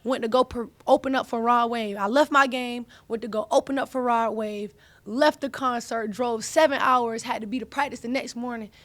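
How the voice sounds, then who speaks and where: A woman's voice: a little high, steady tone, normal speed, fairly bright tone, no room sound. A young woman, hosting a casual chat, talking animatedly in slang and repeating herself. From US South (Atlanta). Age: young adult. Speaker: host, college athlete.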